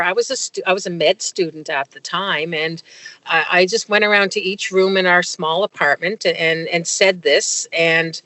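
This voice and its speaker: A woman's voice: medium pitch, bright, forceful tone, no echo. A middle-aged woman, a guest in an interview, telling a personal story with many fillers and restarts. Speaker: guest, medical consultant.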